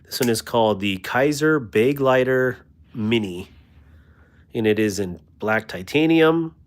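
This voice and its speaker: With a medium pitch and lively intonation, a man speaks unhurriedly while hosting a casual knife livestream. He reads viewer comments, chats about knives and makes self-deprecating jokes, thanking his viewers warmly.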